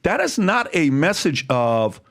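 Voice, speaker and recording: A man's voice: on the high side, sing-song, measured pace, creaky, fairly bright tone. A man hosting a casual interview, asking blunt, rambling questions with many restarts. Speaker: podcast host.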